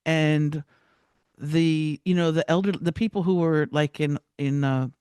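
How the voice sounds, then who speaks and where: A woman telling a personal story as a podcast guest, animated, with many restarts and acted-out quotes. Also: low voice, a little slow, smooth, no echo, clean studio sound.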